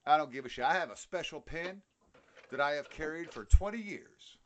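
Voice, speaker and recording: A slightly high, lively voice at normal speed belongs to a middle-aged New York podcast co-host, who swears constantly through a heated casual rant. Some slight background noise can be heard.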